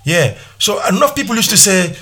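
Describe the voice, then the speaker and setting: A man's voice: high voice, very animated, a little fast, gravelly, sharp tone, husky. A man with a Sierra Leonean Krio accent, hosting a casual interview in a chatty way, often restarting and repeating himself. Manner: chatty, repetitive restarts, laughs while talking. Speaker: host. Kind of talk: casual radio-style interview.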